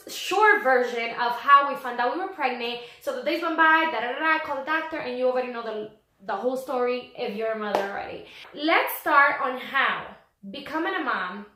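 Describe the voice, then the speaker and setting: A young woman vlogging casually, telling a personal story in a chatty, animated way and acting out what people said. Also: fairly high pitch, vocal fry. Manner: chatty, animated, acts out quoted voices. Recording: echoey room.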